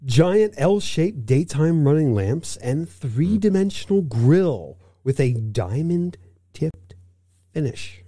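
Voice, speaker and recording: A man hosting a car podcast, with a lively, bouncing pitch and a mellow tone. He reads out news items in a casual chat and drops playful asides. The sound is dry and close. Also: slow, dry recording. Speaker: podcast co-host.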